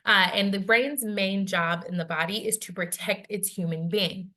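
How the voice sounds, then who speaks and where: A woman's voice: medium pitch, moderate pace, bright, forceful tone. A woman leads a wellness workshop in a conversational way, often checking in with "right?" and acting out quoted inner voices. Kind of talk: interactive workshop talk.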